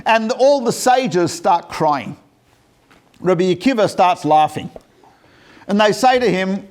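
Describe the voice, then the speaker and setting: Brief: male rabbi lecturer, fairly high voice, casual storyteller who drops in jokes. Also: animated, slow, pauses often, a little mellow. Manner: conversational, with humorous asides.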